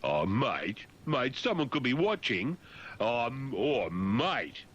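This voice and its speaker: A man's voice: medium pitch, big pitch swings, slow pace, fairly bright tone, highs cut off, pitched above the performer's own voice, full character voice. A man acting out a leering bloke on a video phone, sniggering and nudging.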